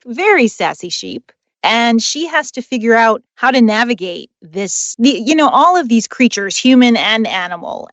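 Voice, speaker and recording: A woman's voice: a little high, no echo. A woman author and dog trainer, a guest on a podcast interview, talking in an enthusiastic, chatty way. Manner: enthusiastic, chatty, quick to laugh.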